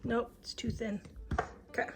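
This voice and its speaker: A woman's voice: a little slow, heavy background noise. A woman hosting a casual cooking demonstration in her home kitchen, chatty and homey, talking through each step aloud. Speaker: home cook and channel host. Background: background music.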